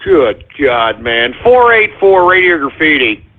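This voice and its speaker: A man's voice: a little high, sing-song, measured pace. A man hosting a call-in radio show, ranting and swearing in an exasperated tone. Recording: tinny phone-like line.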